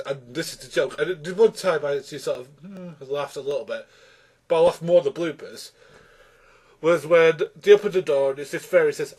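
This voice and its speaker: A man's voice: fairly high pitch, darkish tone. A man ranting through a film review, exasperated and rambling with many restarts.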